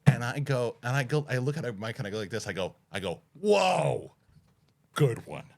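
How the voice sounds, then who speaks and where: A man telling a story in easy casual chat, his pitch swinging widely as he acts out the people in it. His voice sits mid-range, and he laughs at his own tale. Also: lively intonation, quick pace. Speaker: podcast co-host.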